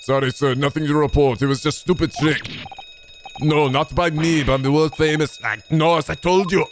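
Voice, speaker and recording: A man voicing a gruff, suspicious male ship crewman in a game, barking in broken English. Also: fairly high pitch, steady tone, moderate pace, slight background noise, pitched above the performer's own voice, natural voice.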